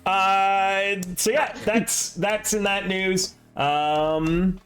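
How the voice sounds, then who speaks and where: A man's voice: sits high, steady tone, extremely slow, a bit bright. A young man streaming, chatting casually and rambling with self-deprecating asides before running a tabletop game.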